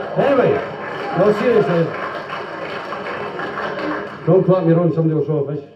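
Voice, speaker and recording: A Scottish man telling quick jokes in a live stand-up set, slipping into comic voices and asides. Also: high voice. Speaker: stand-up comedian and singer. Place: club function room before a live audience. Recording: 1970s live club recording, roomy, dull, from far off.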